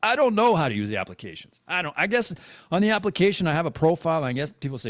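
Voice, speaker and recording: Man, 40s, podcast host, rambling confessional chat, salty language, animated pitch, dry close sound. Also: very fast, no echo. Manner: rambling, frequent profanity and restarts; candid and self-deprecating. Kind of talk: casual confessional monologue.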